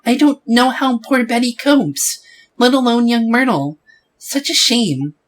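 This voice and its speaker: A man's voice: very high-pitched, measured pace, pitched above the performer's own voice, rough recording. A man voicing a fussy, gossipy old woman neighbor who chatters on sympathetically, in a game playthrough.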